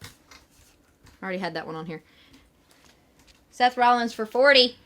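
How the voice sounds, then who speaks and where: A woman's voice: a little high, lively intonation, measured pace, pushed and bright. A young woman chatting playfully on a live sales stream, teasing and listing signed photos. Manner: playful, bantering. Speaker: guest autograph seller.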